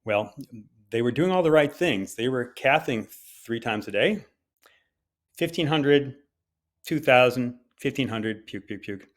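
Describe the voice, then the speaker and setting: An older man speaks in a mid-range voice, telling a personal story to fellow doctors. He talks in an animated, conversational way, stumbling now and then on fillers. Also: medium pitch, a little slow. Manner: hesitant with fillers at times. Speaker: physician giving a conference talk.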